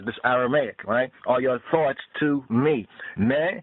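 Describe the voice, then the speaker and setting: A man's voice: medium pitch, a little slow, no room sound. A man teaching scripture in a podcast sermon, thinking aloud and repeating words as he explains them. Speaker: Bible teacher. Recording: dry, tinny phone-like sound.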